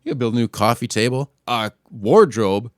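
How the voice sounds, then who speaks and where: Profane ranting podcast host, dry sound. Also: male voice, lively intonation, fairly quick, no echo. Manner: profane, crude trolling rant; gets louder and higher when worked up. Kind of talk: casual solo rant.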